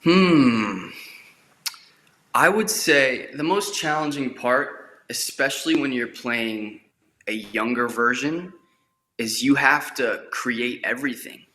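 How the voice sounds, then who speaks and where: A man's voice: medium pitch, slow, bright, forceful tone. A young man, an actor, talking eagerly in a casual interview and often repeating words as he goes. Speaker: actor guest.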